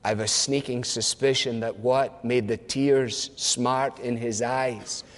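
A man preaching a sermon in an earnest, emphatic manner, repeating phrases and slowing down on key words. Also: mid-range voice, steady tone, big-room sound.

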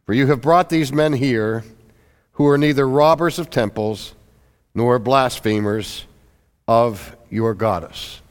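A man preaching a sermon, reading scripture aloud and expounding on it in a measured, emphatic pulpit delivery. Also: medium pitch, clean tone, big-room sound.

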